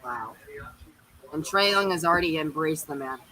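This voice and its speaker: A man's voice: fairly high pitch, animated, moderate pace, background noise. A man with a Southern US accent hosting a casual sports chat stream, upbeat, with announcer-style hype calls. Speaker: host.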